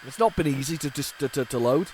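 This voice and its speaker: A man in the middle of a casual retro gaming commentary, rambling to his viewers and tripping over his words as he restarts sentences. His voice sits at an ordinary middle pitch. A faint hiss of noise runs under the recording. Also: fast, a little mellow, rough recording. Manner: chatty, rambling, stumbles and restarts, talks to viewers. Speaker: retro gaming video host.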